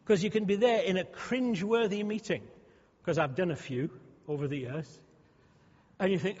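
A man's voice: high-pitched, moderate pace, darkish tone, slightly rough. A male pastor preaching a sermon in a conversational way, often restarting and repeating words. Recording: muffled sound with long hall reverb.

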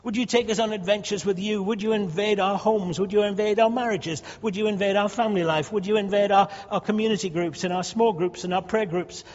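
A man's voice: high voice, steady tone, brisk, few pauses, a little mellow. A man, a pastor leading his church in fervent prayer with repeated, rising pleas. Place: church hall. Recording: dull sound with long hall reverb.

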